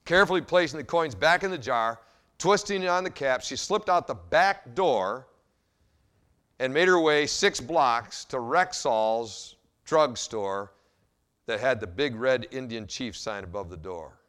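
A male pastor preaches and tells a story in an animated way, with a mid-pitched voice. His loudness rises and drops as he talks. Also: measured pace. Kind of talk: sermon with storytelling.

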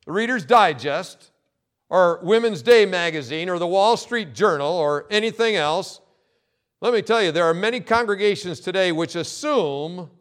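A male pastor preaching a sermon, emphatic and insistent, repeating key phrases and pausing for effect. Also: high voice.

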